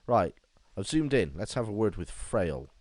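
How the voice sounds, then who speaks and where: A man commenting on a game playthrough, reading the text aloud and breaking into animated rants. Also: on the low side, moderate pace, no room sound. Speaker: gaming video host.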